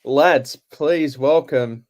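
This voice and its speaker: An Australian man hosting a live stream, relaxed and chatty, often pausing on "uh" and "um" as he talks. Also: medium pitch, poor audio. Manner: relaxed, chatty, halting with fillers. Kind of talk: casual live stream chat.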